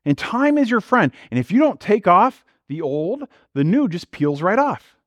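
A man's voice: sits high, big pitch swings, normal speed, a bit bright, dry recording, lo-fi sound. A man preaching a sermon as pastor, in a conversational style full of rhetorical questions and acted-out quotes.

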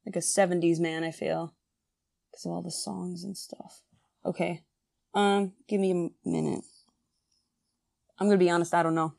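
A young woman playing a quote-guessing game, excitable and giggly, swearing under her breath. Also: lowish voice, moderate pace, gravelly, long pauses, no echo. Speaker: quiz contestant. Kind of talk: casual chat.

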